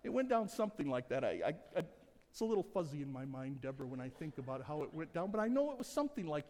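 A man preaching a sermon as pastor, with humor, moving between soft conversational asides and loud emphatic passages. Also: a little high, sing-song, fast. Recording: long church hall reverb.

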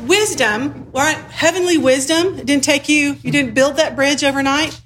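A woman's voice: sits high, normal speed, hardly any pauses, a bit bright, a little hiss or hum. Conversational woman preaching a sermon. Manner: conversational and humorous, acts out dialogue.

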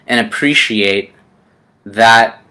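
A man delivers a sermon in a gentle, personal manner, often calling his listeners friend. His delivery is slow and drawn out, with frequent ums and pauses. His voice has a clear, bright edge. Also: fairly low pitch. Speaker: preacher.

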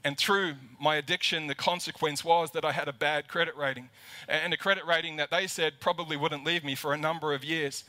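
A man's voice: on the high side, steady tone, brisk, sharp tone. A man preaching a livestreamed sermon as lead pastor to a camera in an empty church auditorium, impassioned and repeating words as he builds emphasis.

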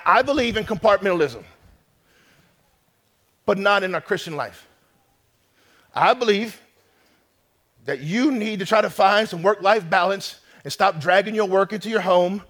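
A male pastor delivers a sermon in a fairly high voice. He preaches with emphatic force, pushing some lines out loud and letting others drop to a hush. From North America.

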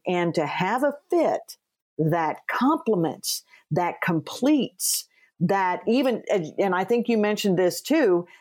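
A woman hosting an interview, an author who tells lively stories, acts out quoted dialogue and speaks earnestly from her faith. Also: medium pitch. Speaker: podcast host and author. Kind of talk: conversational interview.

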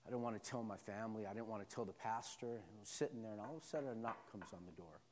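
A pastor preaching a sermon, moving from quiet personal storytelling to loud, repetitive call-and-response preaching. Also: male voice, on the low side, racing, long reverb tail.

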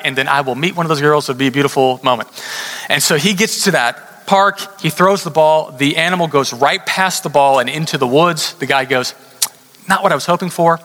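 A man preaching a sermon, telling a story in a conversational way and slowing down hard to stress his points. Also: on the high side, pushed and bright. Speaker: pastor. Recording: long hall reverb.

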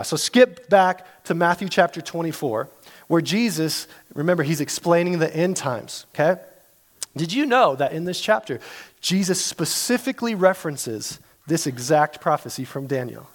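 Guy preaching, kinda high voice, chatty and excited, lots of asides to the crowd. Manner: animated, conversational preaching with asides. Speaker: pastor. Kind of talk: sermon.

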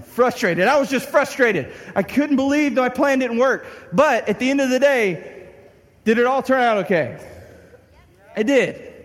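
A young man preaches through a funny personal story, his voice pitched high and ringing with a long hall reverb. He acts out his own frustration, now and then breaking into a shout. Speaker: pastor. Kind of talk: storytelling sermon.

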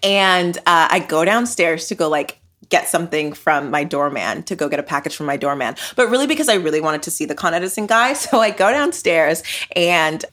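A woman hosting a podcast, telling stories in a casual, animated monologue and swearing freely. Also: on the low side, fairly quick. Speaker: podcast host.

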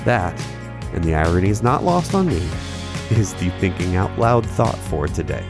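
A man, a podcast host, reading psalms aloud in an expressive, dramatic way and then giving a short thought. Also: low voice, normal speed, music in the background. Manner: dramatic, swelling on exclamations.

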